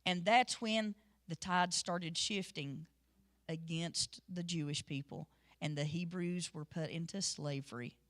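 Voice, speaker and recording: Woman, middle-aged, Sunday school sermon, lively storytelling, bright tone. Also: fairly low pitch, a little slow. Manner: lively storytelling, shifts between loud and soft.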